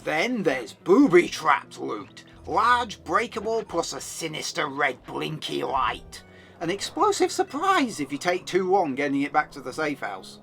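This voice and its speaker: Man, game review voice-over, high voice, bright tone, wry asides, faint music behind. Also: big pitch swings, unhurried, vocal fry. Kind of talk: scripted video review narration.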